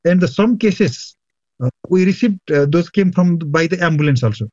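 Hospital chief from Nepal, halting phone interview, muffled dry sound. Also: male voice, on the high side, expressive, darkish tone, no room sound. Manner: halting, many fillers. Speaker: hospital medical superintendent. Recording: dull lo-fi line, dry.

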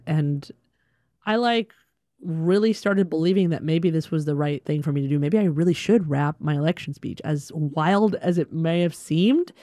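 A woman from Alabama telling a personal story in a lively way, acting out the dialogue. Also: deep voice, no echo, studio quality. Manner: animated, acts out dialogue.

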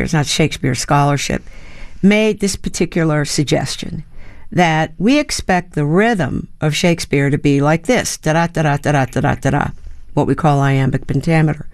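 A woman's voice: low voice, clear, resonant tone, no echo, studio quality. A woman in her seventies, an actor and playwright, answering interview questions in a reflective, storytelling way with fillers and restarts. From United States. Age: 70s.

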